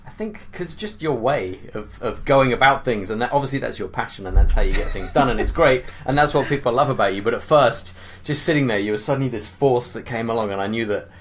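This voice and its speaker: A man, a podcast guest, telling his story in a relaxed casual chat with dry, teasing humour. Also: mid-range voice, fast talker, hardly any pauses. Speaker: podcast guest, visual effects supervisor. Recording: faint background noise.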